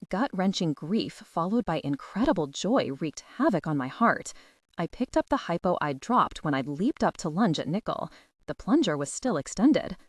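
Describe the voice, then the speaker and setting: A woman's voice: fairly low pitch, sing-song, normal speed, dry recording. A woman narrating a first-person audiobook, telling the story expressively and with feeling.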